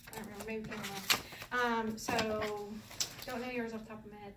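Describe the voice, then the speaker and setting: A woman's voice: mid-range voice, little pitch movement, brisk. A woman teaching a Hebrew class in a casual, playful way, laughing often and going sing-song when she demonstrates. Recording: roomy, from a distance, faint background noise.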